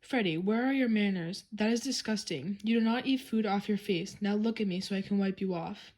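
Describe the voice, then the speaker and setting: A woman's voice: mid-range voice, a little fast, a little mellow, natural voice. A woman voicing a caring but firm mother scolding her young son in a children's storybook reading.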